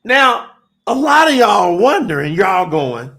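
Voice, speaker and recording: A man preaching fervently on a livestream, shouting scripture and then reading from his chat. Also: sits high, big pitch swings, unhurried. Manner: shouts and drawls, reads chat aloud.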